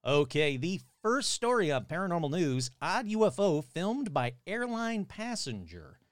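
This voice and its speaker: Hoarse, lively male podcast host. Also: sits high, a little slow, dry recording, clean studio sound. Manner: chatty, reacts aloud while watching clips. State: hoarse, voice cutting in and out. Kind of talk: casual podcast chat.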